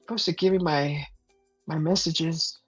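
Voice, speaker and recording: A woman hosting a casual live stream, chatting with viewers, hesitant with many fillers and thanking viewers with excited whoops. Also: deep voice, unhurried, slightly rough, dry recording, dull audio, faint music behind.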